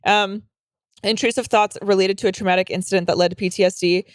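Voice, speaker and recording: A woman's voice: medium pitch, fairly even intonation, fast, no room sound. A young adult woman co-hosting a comedy podcast, chatting casually in a rambling, profane way full of fillers. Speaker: podcast co-host.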